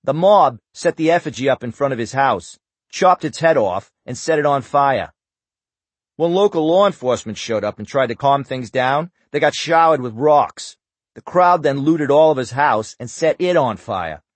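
A man voicing a smug know-it-all detective with a heavy Boston accent, loud and drawn out. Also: mid-range voice, expressive, moderate pace, no room sound, pitched above the performer's own voice, lightly acted. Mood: smug lecturing.

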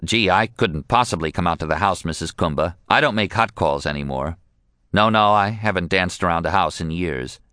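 A man voicing a sleepy, laid-back male witch doctor taking a late-night phone call, in a drowsy deadpan manner. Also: low-pitched, normal speed, no room sound, studio quality.

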